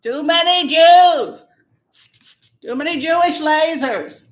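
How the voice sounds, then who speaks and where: A woman doing a comic impression of a rowdy female politician, whooping and shouting loudly. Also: sits high, slow, pitched above the performer's own voice. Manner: whooping, shouting, giddy and loud.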